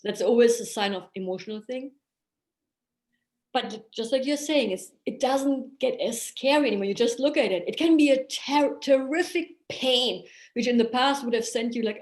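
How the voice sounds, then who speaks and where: A higher-voiced woman, a therapist talking in an earnest, animated way that sometimes sinks to a murmur. Her voice rings around an echoey room. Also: moderate pace. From Germany. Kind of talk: casual podcast conversation.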